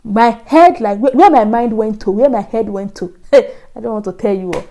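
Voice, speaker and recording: Nigerian woman telling her story, mellow voice. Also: a little high, moderate pace. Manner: earnest storytelling, acts out her own past thoughts in soft asides. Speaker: vlogger. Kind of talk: casual storytelling to camera.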